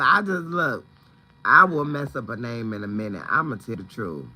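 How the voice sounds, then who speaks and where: Chatty man with a bright, lively voice. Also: fairly high pitch, a little slow, slightly rough, poor audio. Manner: chatty, rambling, greets viewers by name. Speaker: livestream host. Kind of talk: casual livestream chat. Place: at home, indoors.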